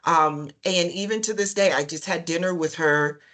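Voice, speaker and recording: Telling her career story during a webinar panel, this woman speaks in a lowish voice at a moderate pace. Her storytelling is lively and chatty, sprinkled with ums and uhs, and she acts out what others said.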